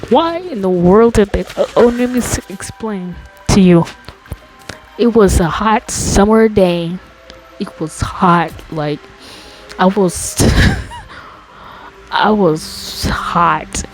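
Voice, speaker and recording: A woman's voice: a little mellow, low-quality recording. A woman telling a childhood story in a casual storytime monologue, rambling with lots of restarts and fillers, and getting exasperated. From America. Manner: exasperated, rises high when complaining. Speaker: storytime host.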